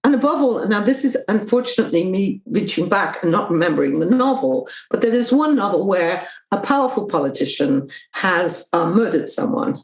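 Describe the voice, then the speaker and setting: Animated woman in an echoey room. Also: mid-range voice, a little fast, few pauses. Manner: thoughtful, digressive, acts out quotes. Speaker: author and guest. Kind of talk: conversational interview.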